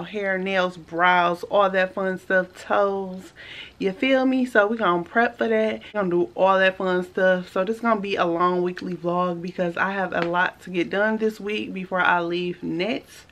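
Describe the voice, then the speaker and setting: A young woman vlogging casually at home, chatting straight to her viewers in a relaxed way. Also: mid-range voice. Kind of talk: casual vlog chat. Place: home, indoors.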